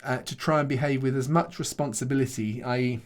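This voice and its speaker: A middle-aged man, a pastor answering questions after a teaching session in a halting, thoughtful way, restarting often and chuckling between points. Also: mid-range voice, fairly even intonation.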